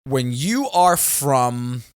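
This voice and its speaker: A man hosting a casual talk show, his pitch swinging widely as he tells stories. He slips into the voices of friends and family to act out their reactions. The talk stays loose and conversational. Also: very slow, smooth. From New York area. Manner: animated storytelling, acts out family members. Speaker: comedian and podcast host. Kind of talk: casual chat.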